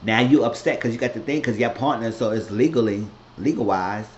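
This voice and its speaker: A man's voice: mid-range voice, fairly quick, slight background noise. A man casually recapping a TV season finale in a loose, rambling way, often restarting his sentences. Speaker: TV show recapper. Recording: roomy, dull lo-fi recording.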